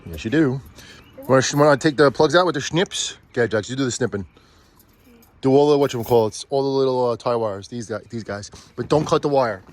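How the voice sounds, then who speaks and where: Chatty dad narrating an unboxing. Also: male voice, medium pitch, fairly quick. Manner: chatty, teasing, excitable. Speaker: vlogger and father unboxing a Halloween prop. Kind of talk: casual chat.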